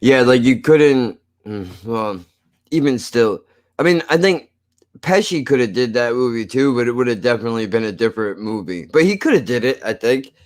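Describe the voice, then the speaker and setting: A man's voice: mid-range voice, lively intonation, normal speed. Profane, rambling New Jersey man. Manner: rambling, profane, laughs often. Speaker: film podcast co-host. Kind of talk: casual film review chat.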